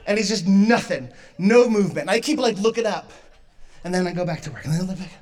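A woman's voice: mid-range voice, expressive, quick pace, darkish tone. A young woman doing a stand-up comedy set, self-mocking and often laughing through her lines. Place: comedy stage.

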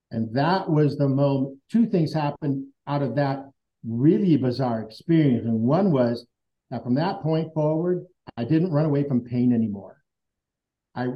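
A man's voice: mid-range voice, muffled recording. A middle-aged man recounting a personal experience as an interview guest, reflective and earnest, often restarting his sentences. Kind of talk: personal storytelling.

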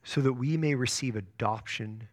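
A man preaching a sermon as pastor, earnest, often stumbling and restarting his words, with sharp rises and soft drops. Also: mid-range voice, normal speed.

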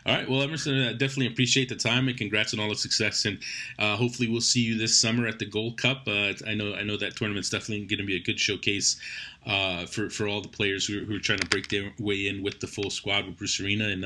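A man's voice: on the low side, steady tone, fast talker, sharp tone. A man hosting a sports talk show, interviewing a guest in a rambling way and repeating words as he restarts.

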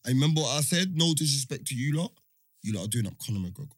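A man's voice: mid-range voice, lively intonation, fast, no room sound, clean studio sound. A young man, co-hosting a casual podcast chat with joking, slangy banter. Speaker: podcast co-host.

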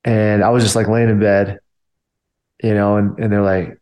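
A man's voice: on the low side, flat delivery, normal speed, darkish tone. A man and army veteran telling a story casually, filling his talk with "like" and "you know". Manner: loose, filler-heavy talk with many "like" and "you know".

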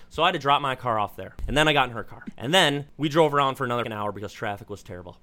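A young man telling a rambling story in casual chat, animated and swearing freely. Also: mid-range voice, rapid-fire.

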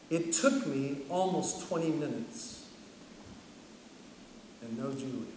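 A middle-aged man preaching a sermon, telling a story in an animated way and acting out the dialogue. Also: fairly high pitch, slow, long pauses, slight background noise. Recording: echoey hall from far off, faint ambience.

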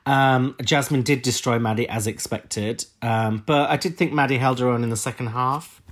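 A man co-hosting a casual podcast, chatting on in a rambling way with plenty of fillers. His voice sits at an ordinary middle pitch. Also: moderate pace. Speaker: podcast co-host. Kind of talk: casual chat.

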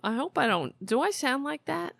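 Sarcastic woman hosting a podcast, lively pitch. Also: moderate pace, creaky, no echo. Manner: sarcastic, mocking. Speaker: podcast host. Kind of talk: political commentary podcast.

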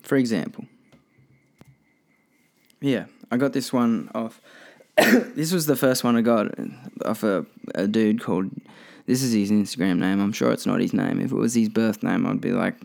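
A man's voice: lowish voice, steady tone, moderate pace, gravelly, a little mellow. A young man hosting a casual solo podcast, rambling and swearing freely with many restarts. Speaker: podcast host.

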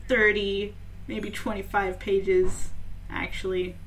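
A woman's voice: mid-range voice, slow pace. A woman co-hosting a podcast, chatting casually and jokily, often laughing. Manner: animated, jokey, laughs often. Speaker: podcast co-host. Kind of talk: casual chat.

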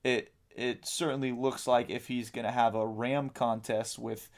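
A man's voice: medium pitch, level tone, a little slow. A man co-hosting a podcast, talking casually in a rambling way, with lots of ums and casual swearing. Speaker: podcast co-host. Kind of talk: casual chat.

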